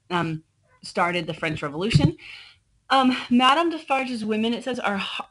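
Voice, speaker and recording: A woman teacher sits at her computer screen-recording a slideshow lecture, speaking directly to her students in a chatty way full of ums. Her medium-pitched voice is fairly bright, though she coughs and her throat sounds a bit choked. The recording is rough.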